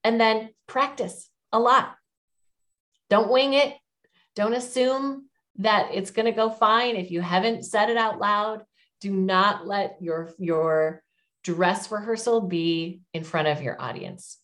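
A woman's voice: medium pitch, slow, fairly bright tone. A middle-aged woman giving public speaking advice as an interview guest, in an encouraging, emphatic coaching tone.

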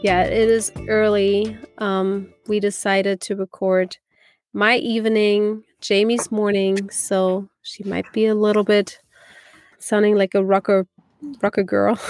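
A woman's voice: medium pitch, little pitch movement, takes it slowly, darkish tone, faint music behind. A woman co-hosting a podcast in a casual, chatty way, laughing easily and swearing freely. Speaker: podcast co-host.

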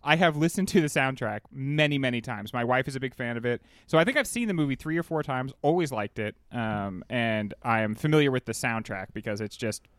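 A man's voice: medium pitch, animated, brisk, hardly any pauses, a bit bright, dry recording. A man co-hosting a podcast in casual chat, giggly and enthusiastic. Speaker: podcast co-host.

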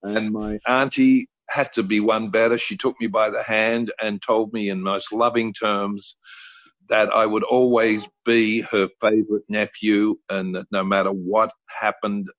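An older man telling blunt, salty anecdotes as a podcast guest. His voice sits on the low side. The audio is dry and somewhat dull, like a lo-fi remote recording. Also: level tone, unhurried, a bit bright, dry recording. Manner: blunt, colorful storyteller who swears freely. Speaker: guest actor.

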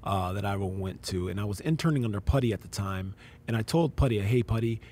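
A man's voice: lowish voice, fast talker, warm tone, slight background noise. A man, a pastor, telling a personal story in casual conversation, acting out quoted voices and using slang.

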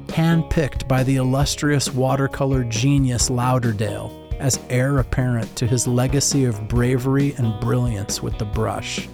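A man's voice: medium pitch, gravelly, darkish tone. A man giving scripted first-person narration of a story in a reflective, wry manner.

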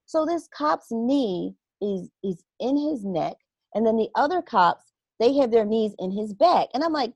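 A woman's voice: a little high, unhurried, husky, no room sound. Earnest woman telling a story, dry sound. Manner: animated, acts out her own inner reactions; earnest and reflective. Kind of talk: casual conversational storytelling.

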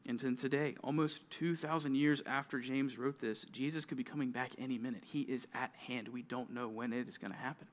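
A youth pastor preaches a lively, conversational sermon to junior high students, acting out grumbling teens in quick asides.

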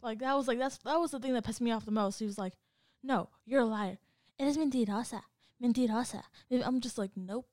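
A woman co-hosting a casual podcast, telling a story in an animated way and acting out the other people's lines. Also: a little high, a little fast, dry recording, studio quality. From Hispanic background. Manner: animated, acts out quoted dialogue. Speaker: podcast co-host.

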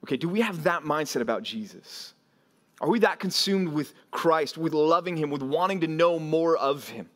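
A man's voice: on the high side, lively intonation, normal speed. A man preaching a sermon as pastor, telling stories and acting out quotes, with frequent "right?" asides to his listeners.

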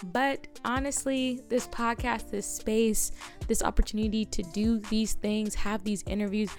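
A woman co-hosting a casual podcast, effusive and drawn-out in her praise and thanks. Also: on the high side, steady tone, soft background music. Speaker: podcast co-host.

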